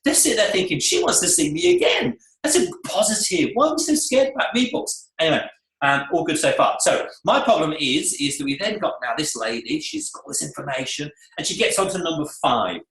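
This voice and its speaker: Animated man coaching a room. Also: a little high, a little fast. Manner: animated, acts out client and staff voices. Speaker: salon coach. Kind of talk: lively seminar teaching. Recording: echoey room.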